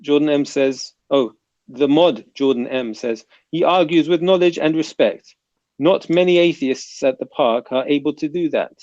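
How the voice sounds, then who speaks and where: A man with a South London accent hosts a casual livestream, reading viewer comments aloud and bantering with chat. His voice is a little high and darkish at a normal speed, and the recording is dry and muffled.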